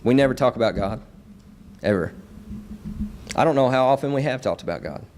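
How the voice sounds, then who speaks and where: A man's voice: mid-range voice, animated, a little fast, a little mellow, slight background noise. A young man preaching a sermon in a church, earnest and building his points through repeated phrases. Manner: earnest, repetitive emphatic phrasing.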